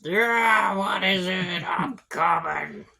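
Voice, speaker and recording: A man voicing an old, reclusive male goblin with a peg leg, in a loud, folksy drawl. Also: on the high side, slow pace, noisy background. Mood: gruff.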